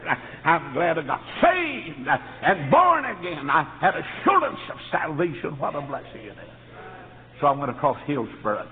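An older man preaching a revival sermon in a church, mixing folksy stories with loud bursts of praise. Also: medium pitch. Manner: swings from folksy storytelling to shouted praise. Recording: phone-like sound in a reverberant church with faint noise.

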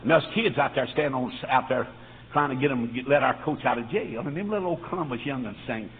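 A middle-aged man with a North Carolina accent preaching a fiery revival sermon, telling folksy stories and breaking into shouts and whoops. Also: medium pitch, quick pace. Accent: Southern US, North Carolina. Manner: shouts and whoops, swings from quiet storytelling to loud preaching. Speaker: Baptist preacher. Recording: tinny lo-fi echoey hall recording, faint hiss.

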